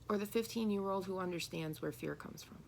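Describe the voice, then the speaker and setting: Gravelly-voiced woman channeling a spiritual message, earnest, keeps asking questions, bit of hiss behind. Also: medium pitch, fairly quick, a little mellow. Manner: earnest, rhetorical questions, acts out quoted voices. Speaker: tarot reader channeling messages.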